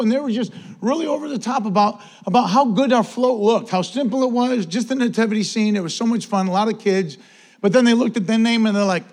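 A middle-aged man preaches to his congregation with animated energy and casual asides. His voice sits a little higher than most men's. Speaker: pastor. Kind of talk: sermon and church announcements.

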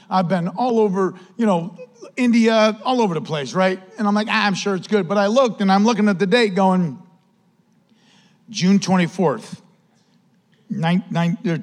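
A male pastor with a Western New York accent, telling a personal story in a casual, animated sermon style. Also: high-pitched. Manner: animated, conversational, says "man" often.

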